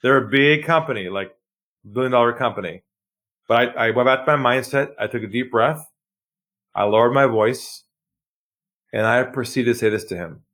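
A man telling sales stories in a podcast interview, acting out phone calls with lively shifts. He drops his voice low and quiet for effect, then jumps high when playing excited callers. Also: normal speed, pauses often. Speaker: sales trainer guest.

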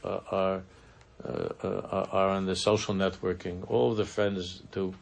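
A man teaching a Chassidic text in an earnest, halting, conversational way, dropping in Hebrew and Yiddish terms. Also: low-pitched, level tone, creaky. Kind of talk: conversational Torah class.

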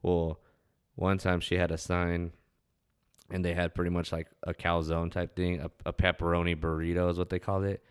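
A man's voice: sits low, level tone, moderate pace, smooth. A young man telling laid-back, profane stories from his hometown. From West Texas. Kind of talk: casual storytelling monologue.

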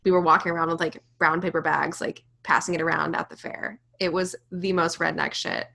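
A young woman co-hosting a podcast in casual chat, talking fast and loose with lots of "like" and "literally". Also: low voice, little pitch movement, vocal fry, sharp tone. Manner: chatty, says "like" and "literally" a lot. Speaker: podcast co-host.

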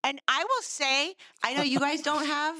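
A woman co-hosting a casual podcast, animated and jokey, laughing often as she talks. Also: sits high, normal speed, no room sound, studio quality. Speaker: podcast co-host. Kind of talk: casual chat.

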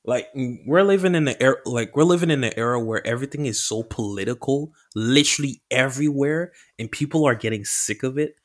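Easygoing male podcast co-host, mid-pitched, casual. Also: a little fast, hardly any pauses. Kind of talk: casual chat.

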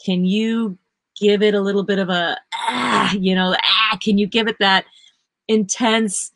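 A woman session singer chatting in an interview, telling lively stories and laughing often. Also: medium pitch, measured pace, vocal fry, background noise. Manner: animated storyteller who acts out quotes, laughs often. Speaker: session singer and vocal workshop teacher. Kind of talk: casual interview chat.

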